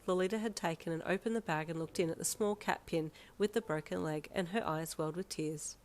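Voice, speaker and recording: A woman reading a fanfiction story aloud in second person, with calm, even storytelling. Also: fairly low pitch, brisk, hardly any pauses. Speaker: fanfiction reader.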